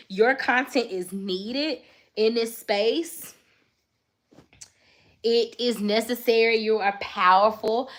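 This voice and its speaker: A woman in her thirties chatting casually while folding laundry, encouraging her viewers, often laughing and openly emotional. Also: mid-range voice. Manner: warmly emotional, faith-minded. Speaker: lifestyle content creator and mom.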